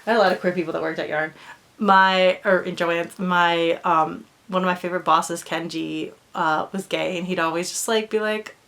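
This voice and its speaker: A woman's voice: on the low side, fairly even intonation, normal speed, a bit bright. Bubbly young woman rambling casually. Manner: rambling, bubbly, lots of fillers, drops to a whisper at times. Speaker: doll vlogger. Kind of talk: casual chat.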